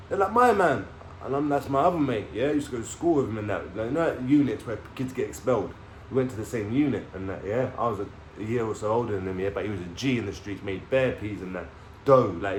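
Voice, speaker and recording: Slangy man telling stories. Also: on the low side. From London. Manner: streetwise slang, swearing, keeps checking in with "yeah?". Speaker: vlogger telling his life story. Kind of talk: casual storytelling to camera. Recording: echoey room with faint background noise.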